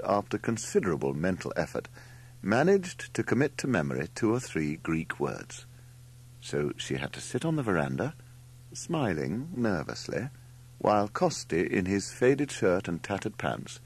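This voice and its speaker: A man narrating an audiobook in an expressive, lively storytelling manner. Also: low voice, creaky, breathy edge.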